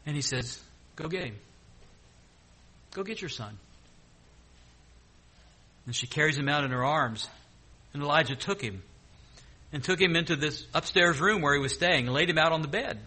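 A man preaching a sermon, retelling scripture with lively, joking asides between the verses he reads. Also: fairly high pitch, brisk, husky.

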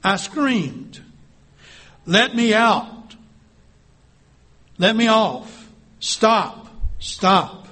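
A man voicing a suffering female clay teacup who cries out in high pleading bursts. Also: animated, unhurried, pushed and bright, slightly rough, exaggerated voice.

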